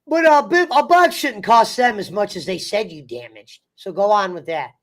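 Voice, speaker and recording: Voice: medium pitch, expressive, moderate pace. A casual conversation partner off to the side, prompting the storyteller with short questions.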